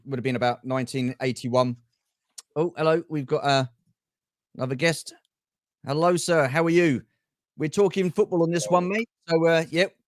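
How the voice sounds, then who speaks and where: A man's voice: on the high side, dry recording, studio quality. A middle-aged man co-hosting a livestream, chatting casually about football and greeting viewers by name. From England. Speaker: livestream co-host.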